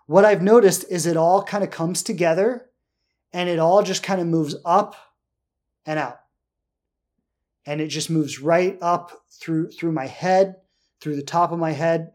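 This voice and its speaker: A man speaks in a calm, unhurried voice that sits slightly high for a man. He hosts a solo podcast and thinks aloud, often tagging his sentences with a questioning "right?". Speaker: podcast host. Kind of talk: reflective solo podcast talk.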